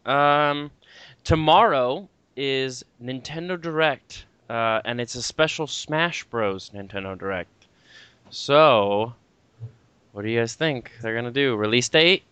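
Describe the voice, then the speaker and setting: A young man hosting a casual podcast with a bright, crisp voice. He is recorded dry and close, and keeps the talk moving. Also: mid-range voice, slow pace, no echo. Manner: animated, steers the talk. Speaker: podcast host. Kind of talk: casual chat.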